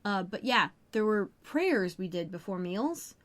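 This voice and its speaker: A woman's voice: mid-range voice, sing-song, unhurried. A woman co-hosting a podcast, recapping a TV episode in casual chat, full of jokes and side remarks. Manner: chatty, jokey, tangents and side comments. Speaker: podcast co-host.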